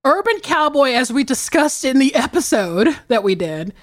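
A woman co-hosting a podcast in casual chat, animated and laughing often, with frequent swearing. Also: sits high, normal speed. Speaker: podcast co-host.

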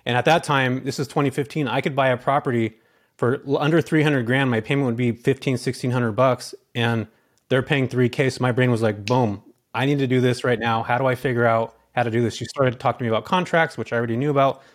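A man's voice: mid-range voice, steady tone. A man talking casually as an interview guest, a chatty storyteller from California. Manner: fast, chatty storyteller with many fillers. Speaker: guest, real estate investor.

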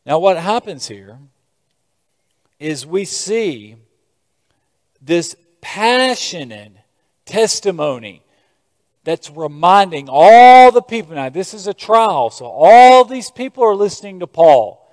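An American man preaching a sermon as a pastor, moving between quiet scripture reading and loud, emphatic exhortation. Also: high voice. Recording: long reverb of a large hall.

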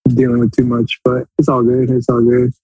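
A man's voice: mid-range voice, monotone, a little fast, mellow, husky, no room sound, poor audio. A man co-hosting a casual sports podcast, rambling, repeating himself and trailing off mid-thought. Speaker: podcast co-host.

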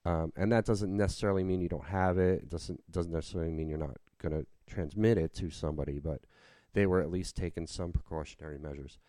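A man's voice: low-pitched, fairly even intonation, fast talker, few pauses, mellow, no room sound. A man hosting a casual podcast chat, rambling with restarts and fillers. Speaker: podcast host and working cover-band musician. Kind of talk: casual conversation.

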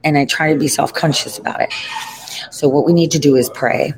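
A man's voice: fairly high pitch, steady tone, fairly quick, rough recording. A man giving a rambling, profane vlog update from an airport lounge, talking into a phone strapped to his arm.

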